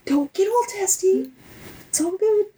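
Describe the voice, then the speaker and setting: A woman's voice: extremely high pitch, unhurried, mellow. A young adult woman co-hosting a casual book podcast, teasing her friends with a giggle. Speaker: podcast co-host. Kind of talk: casual book club chat.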